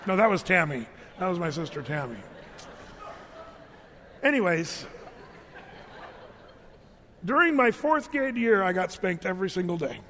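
A man pastor giving a storytelling sermon in an animated, conversational way with joking asides. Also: sits high, measured pace, pauses often, big-room sound, a little hiss or hum.

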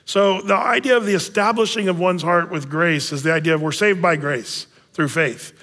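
A man's voice: high voice, moderate pace, fairly bright tone. Man preaching in a reverberant hall. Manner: conversational preaching with frequent fillers. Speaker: pastor. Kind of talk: sermon.

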